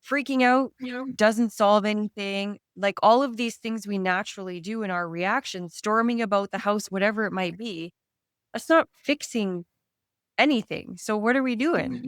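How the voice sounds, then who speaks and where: A woman's voice: mid-range voice, moderate pace, clean tone, dry recording, studio quality. A woman from Canada, a stress and anxiety coach, talking earnestly in an interview and explaining with everyday examples. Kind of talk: conversational interview.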